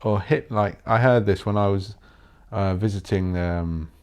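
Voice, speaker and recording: Low-voiced, sweary podcaster. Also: male voice, a little slow, smooth. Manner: blunt, sweary, thinking out loud. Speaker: podcast host. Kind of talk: rambling solo podcast monologue.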